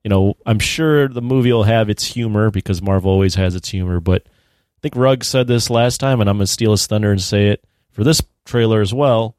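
A man's voice: lowish voice, fairly quick, darkish tone, smooth, no room sound. A man co-hosting a podcast in casual chat, easygoing and laughing at himself. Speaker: podcast co-host.

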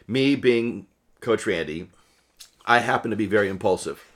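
Rambling, emotional New man, low voice. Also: normal speed, a bit bright. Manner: rambling, emotional, laughs often, many restarts. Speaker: podcast co-host. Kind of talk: casual storytelling chat.

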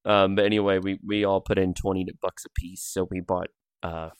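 A man with a low, deep voice chats loosely as a podcast co-host, laughing often between rambling asides. The mic sits close and the sound is dry, with no room around it. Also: little pitch movement, fairly quick, clean tone, no room sound. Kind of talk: casual podcast chat. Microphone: pop filter mic.

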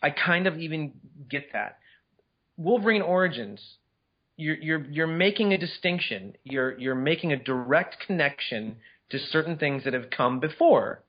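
A man co-hosting a casual movie chat, talking in excited, incredulous bursts with many restarts. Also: fairly high pitch, normal speed, slightly rough, lo-fi sound. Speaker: podcast co-host.

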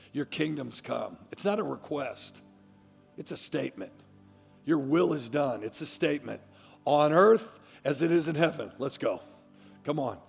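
A man preaching a sermon as pastor, swinging from quiet, low asides to loud, emphatic declarations. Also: creaky, breathy edge, long reverb tail. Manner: fervent, emphatic preaching with repeated restarts.

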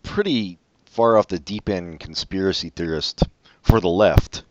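A man co-hosts a casual film podcast, rambling, trailing off, and swearing when he slips. His voice is deep and unhurried. The recording is dry with no room sound and has a dull, lo-fi quality.

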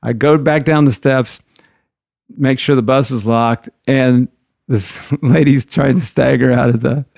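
A man's voice: mid-range voice, fairly even intonation, a little slow, vocal fry, a little mellow, no echo, studio quality. A man, a guitarist, telling rambling stories from the road in a loose, conversational way. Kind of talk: anecdotal storytelling.

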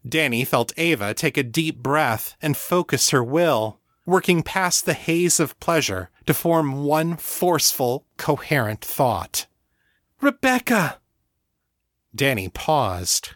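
A man reading a novel aloud as narrator, measured and even. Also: medium pitch, no echo, clean studio sound. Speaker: audiobook narrator. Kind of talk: scripted narration.

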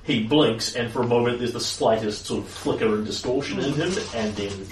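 A man's voice: mid-range voice, a little fast, reverberant, recorded from a distance, a little hiss or hum, poor audio. A man running a tabletop game as game master, narrating the scene in a loose, descriptive way.

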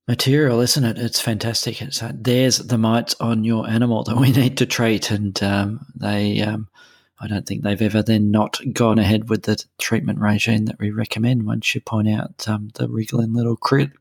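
A man's voice: on the low side, vocal fry, husky, no echo, studio quality. A middle-aged man co-hosting a casual chat, hesitant, full of ums and restarts. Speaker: podcast co-host.

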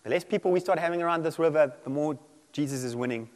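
Man preaching, animated, acts out voices, high-pitched, long hall reverb. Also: fast talker. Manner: animated, acts out quoted voices, laughs often. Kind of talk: sermon.

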